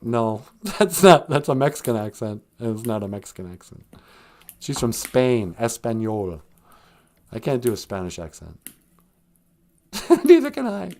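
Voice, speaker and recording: A man's voice: fairly low pitch, expressive, moderate pace, a little mellow. A man hosting a comedic livestream podcast, joking and laughing often. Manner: joking, laughs often, slips into silly voices. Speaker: podcast host.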